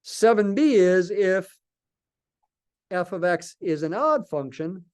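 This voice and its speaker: A man's voice: high voice, animated, slow, darkish tone, clean tone. A man lecturing a calculus class in a slightly raised voice. He thinks aloud as he works, stops and restarts, and answers his own questions. It sounds like an unscripted classroom lecture. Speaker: math lecturer.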